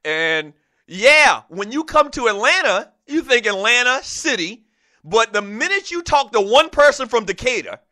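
A man from the South Carolina Lowcountry hosts a sports talk show. He speaks in a high, bright, forceful voice and rambles along with plenty of fillers. The recording is close and dry. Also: moderate pace, dry recording. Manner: animated, rambling, with many fillers. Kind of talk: solo radio talk monologue.

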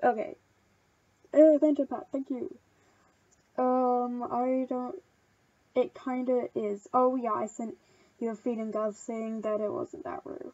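A woman hosting a casual gameplay video. She rambles, gushes and gets excitable while thanking friends for gifts. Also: fairly high pitch, takes it slowly, long pauses, no room sound, lo-fi sound. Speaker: channel host.

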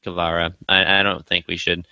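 Deep-voiced male tabletop player. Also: little pitch movement, a little fast, bright, forceful tone, smooth, no echo. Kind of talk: in-character tabletop play.

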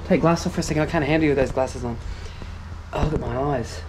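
A quick-talking Australian man with a cheeky, needling way of asking questions. He chats casually on a motorbike road trip, a faint outdoor hum around him. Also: fairly high pitch. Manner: cheeky, teasing, rapid-fire questions. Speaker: vlogger and motorbike rider.

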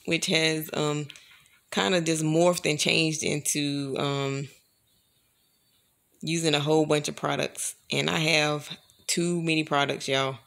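A woman's voice: low voice, fairly even intonation, slow, creaky, a bit bright. A woman vlogger chatting casually to her camera, rambling and calling her viewers y'all.

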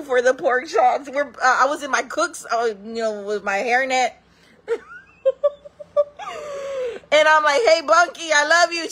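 A woman vlogger telling wild stories in casual talk, laughing often, calling her viewers friends and acting out other people in loud voices. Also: fairly high pitch. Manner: acts out quoted people in loud raised voices.

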